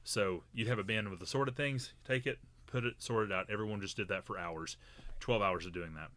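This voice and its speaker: A man's voice: fairly low pitch, fairly quick, sharp tone. A man co-hosting a podcast, telling a long story in a rambling, casual way with many fillers and restarts. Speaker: podcast co-host.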